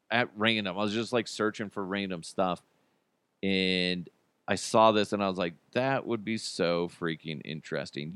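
A man's voice: medium pitch, a bit bright, dry recording. A man hosting a podcast in casual solo chat, rambling and joking with lots of filler words. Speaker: podcast host.

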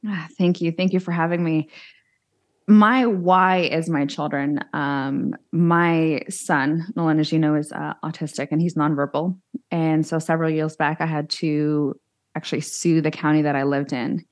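A woman with a low, full voice speaks as a guest on an interview show. She is frank and plain-spoken, telling her own story in an animated, candid way. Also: normal speed. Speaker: guest, social media influencer.

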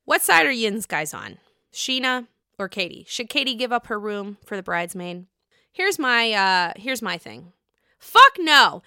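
A woman's voice: on the high side, measured pace, clear, resonant tone, no echo, studio quality. A woman with an East Coast American accent, casually recapping reality TV as a podcast host, sarcastic and swearing freely. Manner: swearing, animated, sarcastic ranting.

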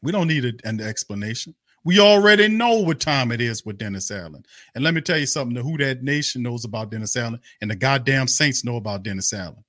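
A man's voice: medium pitch, animated, fast, few pauses, a bit bright, no echo, clean studio sound. A man hosting a fan live stream, ranting in a heated, repetitive, cursing and scornful way. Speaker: sports fan show host. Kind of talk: angry live-stream rant.

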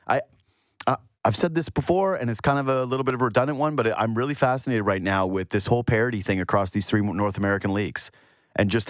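Male sports host, deeper voice, loose rambling chat, dry booth sound. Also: dry recording. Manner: animated, rambling, mimics quotes in a higher voice.

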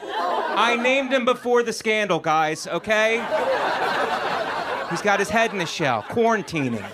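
A man's voice: lively intonation, a loud crowd, very noisy. Middle-aged male comedian, punchy delivery. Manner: punchy joke delivery with sudden loud rants; quiet, low and measured when reflecting. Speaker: stand-up comedian. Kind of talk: stand-up set with reflective interview asides.

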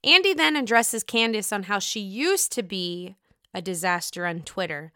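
A woman's voice: medium pitch, lively intonation, normal speed, pushed and bright, clean tone, no room sound, studio quality. A young woman hosting a podcast, recapping reality TV in a blunt, profane and sarcastic way. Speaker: podcast host.

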